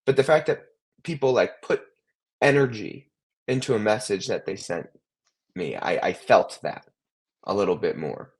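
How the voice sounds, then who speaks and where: A man's voice: lowish voice, normal speed, pauses often, breathy edge. A man in his twenties, co-hosting a podcast in casual chat, rambling with many restarts and fillers. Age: 20s. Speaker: co-host.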